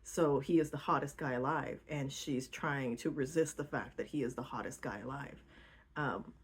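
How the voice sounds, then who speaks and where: A woman's voice: extremely low pitch, moderate pace, husky. A young woman giving a casual, slangy book recap, rambling with fillers and giggling now and then. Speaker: book vlogger.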